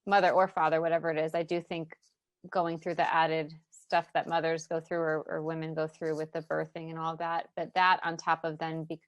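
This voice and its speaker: A woman who works as a business coach, a guest on a podcast, speaking in an excited, heartfelt and emotional way. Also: low-pitched, normal speed, no room sound. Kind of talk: casual interview chat.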